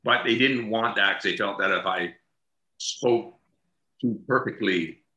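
Bright-voiced man in an echoey room. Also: on the low side, unhurried. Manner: chatty, laughs while telling stories. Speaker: actor guest. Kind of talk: casual interview chat.

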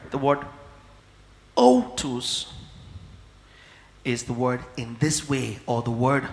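Slow, emphatic pastor preaching. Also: male voice, mid-range voice. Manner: slow, emphatic teaching with frequent checks for understanding. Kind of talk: sermon. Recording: echoey hall with long reverb.

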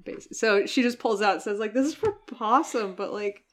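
A woman's voice: medium pitch, moderate pace. A woman playing a tabletop role-playing game, narrating her character's actions in a laid-back, giggly way.

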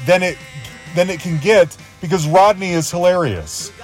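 A man's voice: high-pitched, moderate pace, soft background music. A man hosting a podcast, introducing his guest with fan-like enthusiasm and a habit of repeating himself. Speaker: podcast host.

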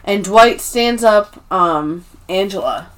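Animated woman recapping a show. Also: mid-range voice. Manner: animated, acts out scenes in quick put-on voices. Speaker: podcast co-host. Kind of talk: casual recap chat.

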